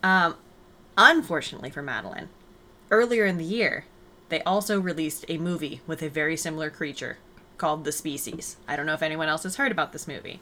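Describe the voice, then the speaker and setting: A woman's voice: deep voice, a little fast, bright, forceful tone. A woman hosting a podcast in casual chat, explaining and telling stories in an upbeat way. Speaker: podcast host.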